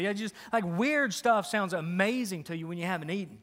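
A man's voice: high-pitched, fairly quick, hardly any pauses, fairly bright tone. A male pastor preaching a sermon in a church, emphatic and repetitive, firing rhetorical questions. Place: church sanctuary. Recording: long hall reverb.

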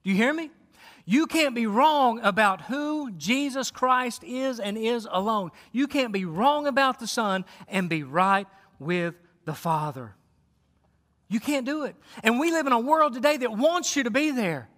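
A fervent male pastor preaching to his congregation, with a high, bright, forceful voice. He stumbles over repeated words as he drives each point home. The sound rings with the long reverb of a large church hall. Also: expressive, moderate pace. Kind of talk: sermon. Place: church sanctuary.

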